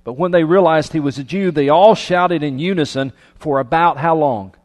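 A man preaching a sermon, reading scripture aloud and breaking off into lively, conversational asides. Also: a little high, normal speed, big-room sound. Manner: animated, conversational preaching with restarts. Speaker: pastor.

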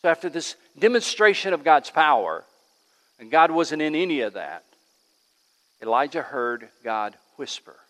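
A man preaching a sermon as pastor in a church, swinging between loud emphatic lines and hushed ones. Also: a little high, lively intonation, moderate pace. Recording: long reverb of a large hall.

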